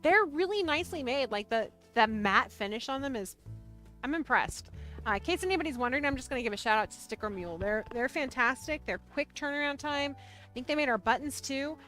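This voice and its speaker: A high-pitched woman with a bright, ringing tone hosts a relaxed livestream. She is bubbly and playful, teasing and cheering her viewers, and faint music plays behind her. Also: fairly quick. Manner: bubbly, playful, talks to chat. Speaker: livestream host. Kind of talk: casual livestream chat.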